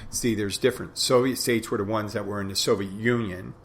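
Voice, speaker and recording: A man's voice: fairly low pitch, fairly even intonation, a little fast. A middle-aged man hosting a podcast, talking through a reflective, rambling monologue with frequent restarts. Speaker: podcast host. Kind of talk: casual monologue.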